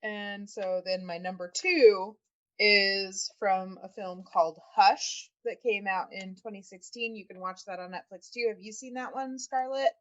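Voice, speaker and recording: A woman's voice: mid-range voice, fairly even intonation, a little slow, a bit bright, dull audio. A woman co-hosting a podcast, chatting casually and laughing often, with plenty of fillers. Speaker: podcast co-host.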